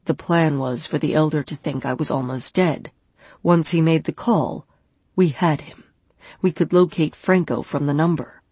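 A woman voicing a protective, tough man speaking calmly to his partner in an audiobook. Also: deep voice, normal speed, slightly rough, no echo.

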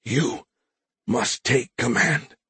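A man voicing a dying male alien ship commander who speaks in a weak, breathy, halting way. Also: mid-range voice, pushed and bright, no room sound, pitched above the performer's own voice, full character voice. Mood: strained, weak.

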